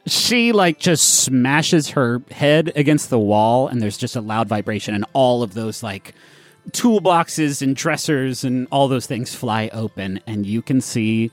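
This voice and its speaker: A man's voice: mid-range voice, expressive, a little slow, dry recording, soft background music. A man narrating as game master in a casual, chatty way with many fillers.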